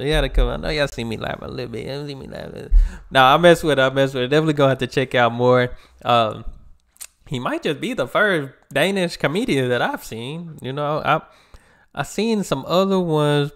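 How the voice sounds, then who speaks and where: An American man hosts a reaction video in a middle-pitched, easygoing voice. He chats loosely and talks straight to his viewers. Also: a bit bright, clean tone. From United States. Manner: laid-back, chatty, talks to viewers. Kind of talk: casual reaction commentary.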